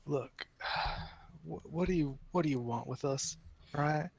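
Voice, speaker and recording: A man playing a weary, gravelly frontier doctor. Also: mid-range voice, fairly even intonation, normal speed, dry recording, lightly acted. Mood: exasperated.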